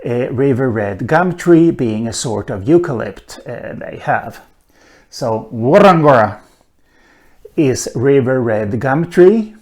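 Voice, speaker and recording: Slow, halting male lecturer. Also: mid-range voice, expressive, a little mellow. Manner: slow, hesitant, frequent "uh" fillers, dry asides. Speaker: lecturer on linguistics. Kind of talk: recorded online lecture.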